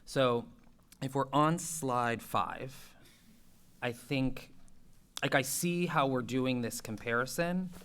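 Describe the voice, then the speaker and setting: A man's voice: medium pitch, slow, pauses often, a bit bright, smooth. A man on a school committee asking questions at a public meeting, speaking casually and hedging often. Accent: Boston.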